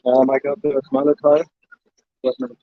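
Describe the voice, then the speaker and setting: A man with a slightly high voice talks in a halting, hesitant way during a casual Bible study. The sound is dull, lo-fi and dry. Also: very animated, vocal fry, no echo. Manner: hesitant, halting, full of fillers. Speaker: study group member. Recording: dull lo-fi dry live stream.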